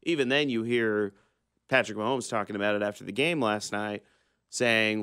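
Male sports talk co-host, deep and resonant, conversational, dry studio sound. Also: normal speed, sharp tone, clear, resonant tone, no echo. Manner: conversational, agrees then adds his own analysis.

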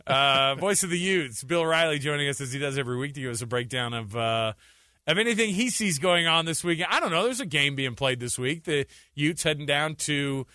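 A man hosts a sports talk radio show with a bright, forceful voice that sits a little high for a man. He jokes and ribs his co-host, laughing easily. The sound is dry and close, with faint music underneath. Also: expressive, no echo. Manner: quick, joking, laughs often. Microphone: studio microphone.

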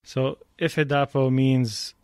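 A man's voice: mid-range voice, fairly even intonation, slow, darkish tone, smooth. A man in his thirties interviewing a guest, asking curious and probing follow-up questions. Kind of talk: casual interview conversation. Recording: dry close sound.

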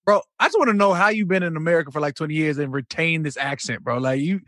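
Fast, sharp-toned male host, slangy and animated, dry studio mic. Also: fairly high pitch, no echo. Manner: animated, slangy, laughs often. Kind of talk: casual chat.

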